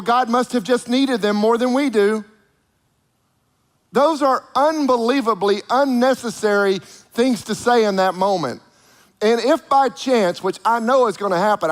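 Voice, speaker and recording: High-voiced animated male preacher. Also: in a large hall. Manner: animated, acts out the voices of people he quotes. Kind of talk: sermon.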